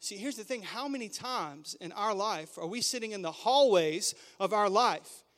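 A man in his thirties preaching a sermon as pastor, telling stories in a playful, animated, conversational way in a church sanctuary. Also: high-pitched, normal speed. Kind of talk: humorous storytelling sermon. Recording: long church hall reverb.

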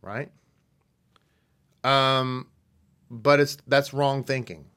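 A man teaching a religious lesson, reading passages slowly and then speaking emphatically, repeating words for stress and asking rhetorical questions. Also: mid-range voice, fairly even intonation, sharp tone, clean tone. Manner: reads passages slowly, then speeds up in asides. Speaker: rabbi teaching a congregation. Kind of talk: sermon-style teaching.

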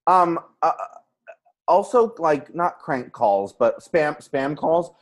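A woman's voice: sits low, animated, takes it slowly. A woman co-hosting a podcast in casual chat, bubbly and giggly, rambling between stories. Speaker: podcast co-host.

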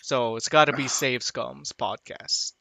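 A man's voice: mid-range voice, steady tone, a little slow, gravelly, sharp tone, a little hiss or hum. A man hosting a casual podcast on a voice call, joking and laughing with his co-hosts. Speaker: podcast host. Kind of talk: casual chat.

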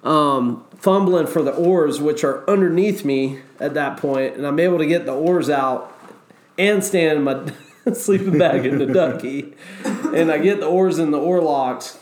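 A man's voice: fairly high pitch, slight background noise. A man casually telling a story about his river guiding days, swearing freely and acting out the quotes. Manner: animated, swears, acts out quotes.

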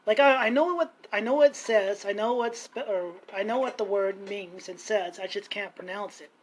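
A man's voice: high voice, normal speed, crowd noise, poor audio. A man telling a rambling story in casual chat at home, acting out the people he quotes with mocking voices. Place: home kitchen.

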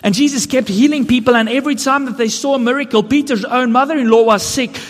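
A man's voice: extremely high pitch, fast talker. A man preaching a sermon, earnest and building to emphatic questions. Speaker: pastor. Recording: long hall reverb.

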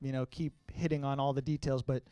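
A young man sharing a personal testimony with a congregation, talking earnestly and conversationally, sometimes halting with emotion. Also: medium pitch, flat delivery, dark tone, clear, resonant tone, no echo. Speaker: church speaker sharing testimony.

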